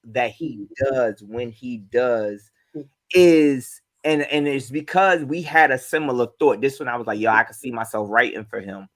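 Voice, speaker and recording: A man's voice: medium pitch, a little slow. A man from New Jersey, a comedian guest telling stories in casual chat and acting them out with sound effects. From Newark, New Jersey. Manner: animated, acts out his stories with sound effects.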